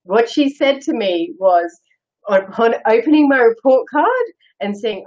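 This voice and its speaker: A woman's voice: fairly high pitch, very animated, measured pace, a little mellow, lo-fi sound. A middle-aged woman hosting a casual live chat, answering viewer comments in a candid, self-deprecating way and laughing often. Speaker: host.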